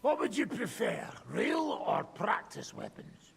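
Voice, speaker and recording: An actor playing a gruff male sparring master in a game who taunts and barks at his opponent. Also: sits high, sing-song, a little slow, a bit bright, in a large hall, full character voice. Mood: taunting. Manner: taunting, barking. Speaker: sparring trainer.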